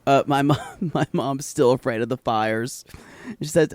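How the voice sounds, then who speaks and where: A man's voice: medium pitch, unhurried, a little mellow, dry recording. A man co-hosting a casual podcast, chatty and teasing, who laughs often while recapping. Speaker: podcast co-host. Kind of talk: casual chat.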